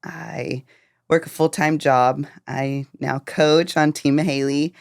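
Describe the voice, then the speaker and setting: A woman's voice: low-pitched, fairly even intonation, slow, vocal fry, darkish tone, dry recording, clean studio sound. A young woman chatting casually as a guest on a podcast, laughing between thoughts with frequent ums. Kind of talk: casual interview chat.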